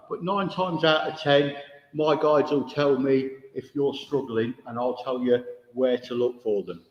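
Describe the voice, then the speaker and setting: A man, a spiritualist medium giving a chatty, direct demonstration to an audience in a village hall, with no microphone. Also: fairly high pitch. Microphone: no microphone, room recording. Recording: echoey hall, dull, no microphone.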